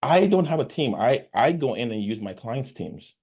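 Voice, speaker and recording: A man's voice: medium pitch, moderate pace, slightly rough. A man coaching on sales, casually talking through a sales call and acting out both sides of it. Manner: animated, acts out sales calls. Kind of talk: casual conversation.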